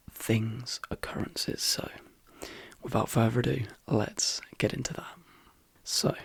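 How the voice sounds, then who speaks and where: A man hosting a soft-spoken ASMR video in a croaky, hoarse half-whisper, rambling easily between fillers. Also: medium pitch, no room sound. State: hoarse, voice worn out. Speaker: ASMR channel host.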